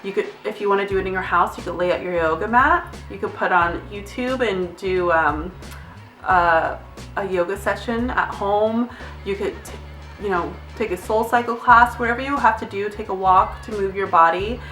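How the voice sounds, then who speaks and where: A woman's voice: mid-range voice, moderate pace, fairly bright tone, reverberant, far from the mic, faint music behind. A young adult woman, a nurse, giving candid, chatty advice in a casual vlog, now and then glancing at notes and swearing lightly. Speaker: nurse vlogger.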